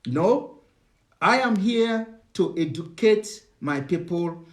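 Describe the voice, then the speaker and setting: A middle-aged Nigerian man gives a live broadcast monologue in a somewhat high voice. He lectures his audience, stopping often on "uh" and restarting his sentences. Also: animated. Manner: halting, many "uh" fillers and restarts, lecturing. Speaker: host of a live online broadcast.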